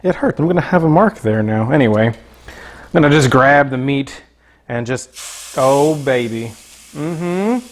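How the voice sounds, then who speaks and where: This young Floridian runs a laid-back cooking stream from his own kitchen, speaking expressively in a mid-range voice at a measured pace. He cracks jokes with chat and reads off viewers' names.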